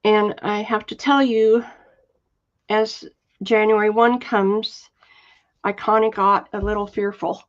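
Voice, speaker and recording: A woman hosting a casual live sale, chatting slowly and softly with many fillers and reading out viewer comments. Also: on the high side. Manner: chatty, warm-hearted, reads viewer comments aloud; slow, soft-spoken, with frequent fillers. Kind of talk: casual live selling chat. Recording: dull lo-fi livestream audio.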